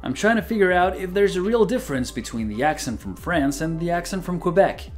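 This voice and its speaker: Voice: medium pitch, expressive, brisk, faint music behind. A product reviewer demonstrating a translation device, switching between several languages as they test it.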